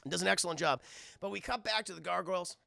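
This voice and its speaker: A man casually recapping a cartoon episode for his stream chat, animated and profane, often breaking into laughter. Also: sits high, fast talker, creaky, no echo.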